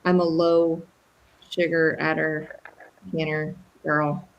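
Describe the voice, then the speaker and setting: A woman hosting a casual live-stream chat, rambling with many pauses and restarts. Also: deep voice, little pitch movement, highs cut off. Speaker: host.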